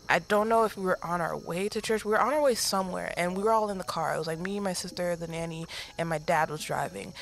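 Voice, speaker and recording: Animated woman telling a story. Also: lowish voice. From United States. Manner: animated storyteller, acts out quotes. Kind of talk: casual group chat storytelling.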